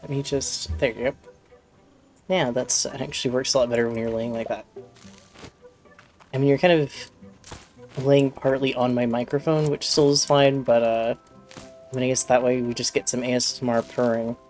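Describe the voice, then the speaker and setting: A chatty streamer rambles through a live game session in a middle-pitched voice, stopping to talk fondly to a pet cat. Light game music plays faintly underneath. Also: flat delivery, moderate pace, long pauses, a little mellow.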